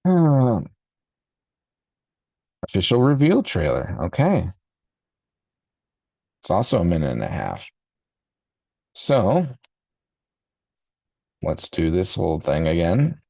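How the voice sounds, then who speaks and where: A man's voice: on the low side, vocal fry, darkish tone, dry recording. A man in his forties hosting a podcast, reacting casually in a rambling, nostalgic way with many fillers and restarts. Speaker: podcast host.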